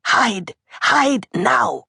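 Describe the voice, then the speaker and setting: A narrator voicing an elderly German grandmother with a German accent, calm but hard-edged, in a high strained voice. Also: takes it slowly, no echo, clean studio sound. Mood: urgent. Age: older.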